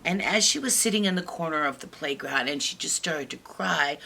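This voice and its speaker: A woman tells a bedtime story for kids, her voice low but bright in tone. She swings her pitch widely and drops into soft whispers. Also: moderate pace, vocal fry, hardly any pauses, soft background music. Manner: animated, slipping into whispers. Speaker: children's storyteller.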